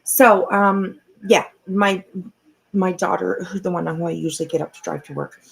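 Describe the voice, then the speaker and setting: A woman's voice: lowish voice, fairly even intonation, moderate pace, creaky, breathy edge, rough recording. A middle-aged woman hosting a casual livestream from home on a computer mic. She talks in a rambling, chatty way and swears freely. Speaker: livestream host.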